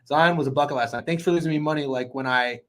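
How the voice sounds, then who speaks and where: A man hosting a sports betting show, talking in an excitable, profane, rambling way. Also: on the high side, fast talker. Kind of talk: casual sports betting chat.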